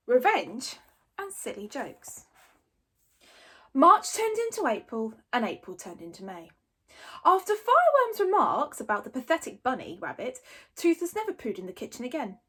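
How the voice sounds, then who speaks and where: A woman reads a children's chapter book aloud, friendly and expressive. Her voice is high and lively, with a breathy edge. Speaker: storybook reader.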